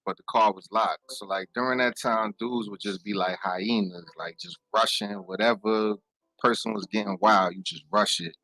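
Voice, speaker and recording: Casting: lively man, bright tone, storyteller who does voices for his friends. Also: on the low side, normal speed, no room sound, poor audio. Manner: animated, acts out friends' lines in a raised voice. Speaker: guest. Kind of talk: casual storytelling on radio. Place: radio studio.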